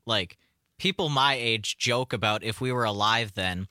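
A man's voice: lowish voice, unhurried, sharp tone, no echo, studio quality. A young man on a casual morning radio show, curious and asking his older co-hosts questions. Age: young adult. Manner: curious, asks questions, laughs easily. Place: radio studio. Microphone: studio microphone.

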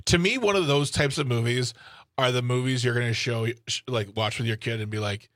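A man's voice: mid-range voice, fairly quick, a bit bright, no echo, studio quality. A man co-hosting a radio show, chatting casually with rambling, self-interrupting jokes. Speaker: radio co-host. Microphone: studio microphone.

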